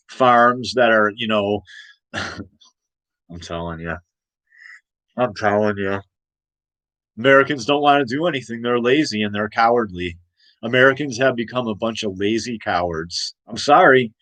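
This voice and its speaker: A man's voice: medium pitch, fairly bright tone, dry recording, low-quality recording. Rambling emphatic man, dry sound. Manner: rambling and emphatic, many restarts. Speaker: livestream host. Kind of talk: casual political rant. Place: home room.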